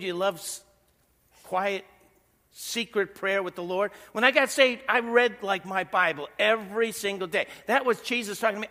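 A middle-aged male pastor preaching in a chatty way and asking the room questions. His voice sits high and rings bright and forceful. The sound carries the long reverb of a large hall. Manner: conversational preaching with rhetorical questions. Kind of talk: sermon.

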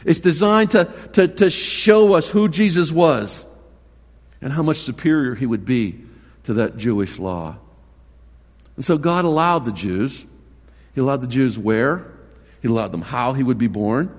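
Earnest pastor in an echoing hall. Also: male voice, medium pitch, animated, unhurried, long pauses. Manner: earnest, repeats words when starting a thought. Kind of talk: sermon. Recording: long hall reverb.

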